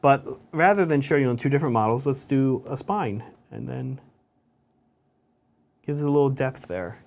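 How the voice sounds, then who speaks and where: A man's voice: medium pitch, moderate pace, creaky, a little mellow. A man co-hosting a hobby show, chatting casually and explaining each step as he paints miniatures. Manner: chatty, explains steps as he works.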